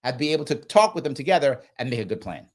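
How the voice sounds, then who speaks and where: A man with a mid-range voice talks quickly while hosting a live reaction show, commenting on a clip. He's animated and emphatic, repeating himself and acting out the people he quotes.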